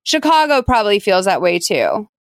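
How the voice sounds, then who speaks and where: A woman hosts a casual podcast chat, rambling and animated, full of "like" and "um". Her voice sits in a middle register. The sound is dry and close, with little room around it. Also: medium pitch, normal speed, no room sound. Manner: chatty, filler-heavy, animated storytelling. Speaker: podcast host.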